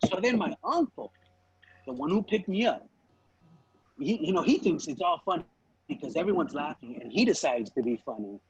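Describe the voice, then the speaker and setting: A man's voice: fairly high pitch, sing-song, normal speed, darkish tone, muffled recording, a little hiss or hum. A man co-hosting a podcast, telling a story in casual chat, swearing freely and acting out his relatives' lines. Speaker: podcast co-host.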